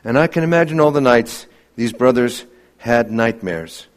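A man preaching a sermon earnestly, asking many rhetorical questions and dropping to a hushed voice for emphasis. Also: mid-range voice, lively intonation, moderate pace.

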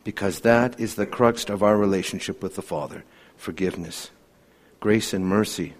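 A man preaching an evening sermon to his congregation. He pleads with fervor and swings between loud, climbing appeals and hushed, solemn lows. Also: normal speed. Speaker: pastor.

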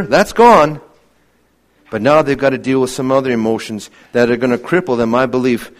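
A man preaching a sermon earnestly, asking many rhetorical questions and dropping to a hushed voice for emphasis. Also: medium pitch.

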